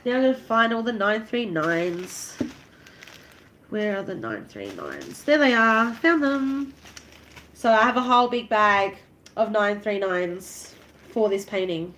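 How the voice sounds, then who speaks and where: A woman's voice: a little high, fairly even intonation, unhurried, fairly bright tone, a little hiss or hum. A woman with an Australian accent chatting casually and giggling often while doing a craft on a live stream. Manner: chatty, giggly, self-conscious.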